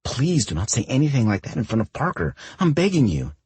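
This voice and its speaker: A man's voice: mid-range voice, big pitch swings, a little fast, darkish tone, slightly rough, no room sound, pitched above the performer's own voice. A man voicing an embarrassed young woman artist who pleads with her friend, in a romance audiobook. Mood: flustered.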